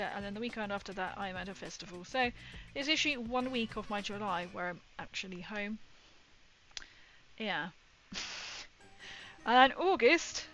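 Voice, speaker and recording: With a medium-pitched, slightly bright voice, a woman from England chats casually on her livestream. She rambles and laughs a lot as she talks to viewers.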